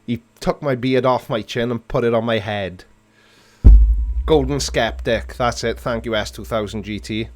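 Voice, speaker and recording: A livestream host with a medium-pitched voice chats casually with viewers at a normal speed. He answers their comments playfully and puts on mock disgust.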